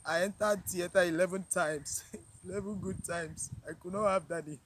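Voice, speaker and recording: A woman tells a personal story to her viewers, emotional and near tears, halting and repeating herself with sighs. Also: on the low side, fairly even intonation, a little hiss or hum, rough recording. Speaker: vlogger.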